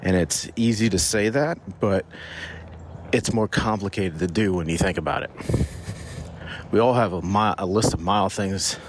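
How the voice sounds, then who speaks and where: Podcast host, male, low-ish voice, slightly winded from walking outside, casual and rambling, faint outdoor hum behind. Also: normal speed, pauses often. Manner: conversational, rambling with restarts. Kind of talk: casual business podcast monologue. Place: outdoors on a morning walk.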